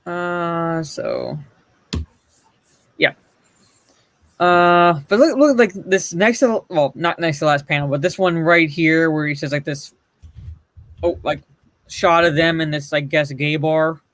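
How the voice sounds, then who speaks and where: A man's voice: on the high side, unhurried, long pauses, fairly bright tone, no room sound. A man co-hosting a casual online chat show, reading comic panels aloud with sarcastic, swearing commentary. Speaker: podcast co-host.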